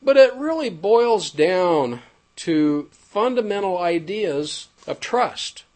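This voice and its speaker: A man reading a prepared text aloud in a formal, measured way with ornate wording. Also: high-pitched. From United States.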